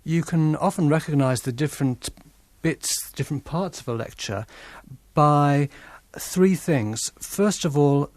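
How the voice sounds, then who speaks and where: Slow, thoughtful man explaining lectures. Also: fairly high pitch, a little mellow, no echo. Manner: thoughtful, explanatory, demonstrates his points aloud. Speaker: academic explaining lecture structure. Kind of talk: interview explanation.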